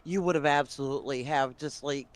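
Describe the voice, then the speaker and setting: A man chatting casually with friends about a game, laughing often and adding quick asides. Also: mid-range voice, fairly even intonation. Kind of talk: casual gaming chat.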